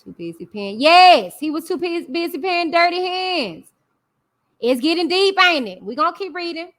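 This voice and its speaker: This woman's voice is very high and very animated, with a slightly bright edge. Reading a court document on a relaxed live stream, she pauses to talk with her audience and reacts through stretched-out hums.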